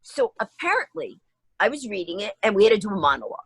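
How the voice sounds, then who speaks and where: A woman's voice: mid-range voice, husky, dry recording, poor audio. A woman comedian, a guest on an interview show, telling stories and acting out everyone's quotes as she goes. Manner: acts out everyone's quotes, quick and lively. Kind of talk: animated storytelling in a radio interview.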